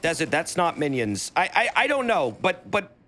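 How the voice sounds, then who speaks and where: Dude streaming a game, kinda high voice that jumps all over, cusses a lot, noisy audio. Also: male voice, moderate pace. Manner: excitable, swears freely, yells at enemies. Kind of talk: casual gameplay commentary.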